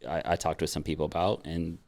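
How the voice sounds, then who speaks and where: A man's voice: very deep voice, monotone, fast talker, a little mellow. A man co-hosting a podcast in loose, casual chat, swearing freely and leaning on fillers. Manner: loose and profane, frequent fillers. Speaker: podcast co-host.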